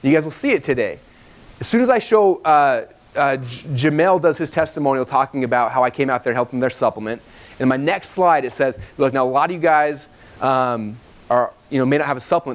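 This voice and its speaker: A man in his thirties teaching a live seminar to a room, fast and animated, acting out dialogue in his stories. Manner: fast, animated storytelling, acts out dialogue in higher voices. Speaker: webinar trainer.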